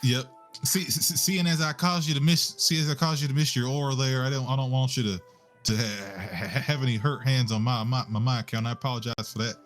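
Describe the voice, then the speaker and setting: A man's voice: medium pitch, fairly even intonation, fast talker, soft background music. A man playing a tabletop game, talking casually, stammering and swearing now and then. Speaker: player.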